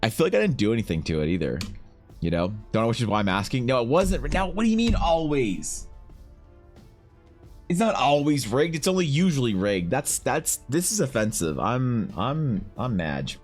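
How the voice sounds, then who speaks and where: Animated young man streaming with lively pitch. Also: normal speed, soft background music. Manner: animated, swearing, bantering with chat. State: slightly rough voice. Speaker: art streamer. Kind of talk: casual live-stream chat.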